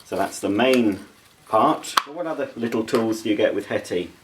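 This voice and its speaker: A man walks through a product demonstration in a chatty, playful way, with jokey asides. His voice sits fairly low. The room around him gives a roomy echo. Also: expressive, normal speed, background noise. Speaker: product reviewer.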